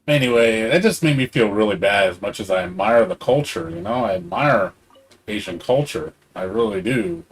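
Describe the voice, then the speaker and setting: A man's voice: on the low side, animated, moderate pace, husky. Rambling middle-aged man streaming. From Hispanic background. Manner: rambling, swears freely, fillers. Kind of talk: casual chat while streaming a game.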